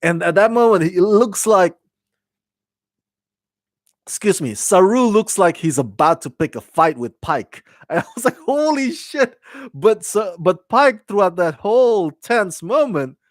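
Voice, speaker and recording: A man's voice: high voice, dry recording. A man reviewing a TV episode in casual chat, rambling with many restarts and fillers and laughing at his own slips. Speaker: TV show reviewer.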